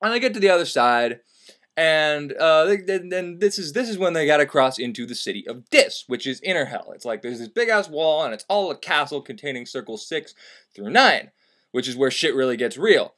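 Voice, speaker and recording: A man's voice: on the high side, big pitch swings, a little fast, a bit bright. A man retelling a classic story as crude comedy, profane and sarcastic. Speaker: host.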